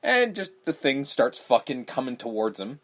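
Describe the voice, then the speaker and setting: A man's voice: mid-range voice, normal speed. A man hosting a podcast, casually recapping a horror movie with lots of swearing and acted-out lines. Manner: profane, animated, acts out movie lines. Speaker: podcast host.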